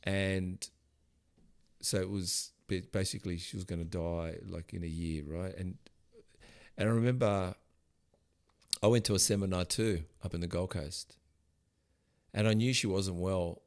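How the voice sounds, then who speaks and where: A middle-aged man hosting a podcast interview, rambling and emotional, sometimes loud and animated. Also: low voice, measured pace, long pauses. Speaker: podcast host. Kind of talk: casual interview chat.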